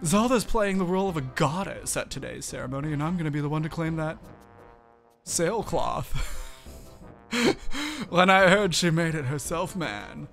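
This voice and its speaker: A man's voice: a little high, animated, moderate pace, vocal fry, long pauses, a bit bright, soft background music. A man reading as a cocky teenage bully. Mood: taunting. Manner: cocky, taunting reading of on-screen game text. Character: brash boastful teenage male bully. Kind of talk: let's-play dialogue reading.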